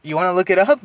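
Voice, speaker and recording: A young podcast storyteller with a high voice and fairly bright tone tells a long, rambling story in casual chat. He's full of fillers, swears, and laughs often. A little hiss or hum is audible.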